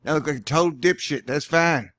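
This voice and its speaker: A man's voice: fairly high pitch, quick pace, a bit bright, no room sound. A man in a casual weather vlog at home, talking in a sarcastic, rambling way. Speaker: weather vlogger. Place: indoors at home.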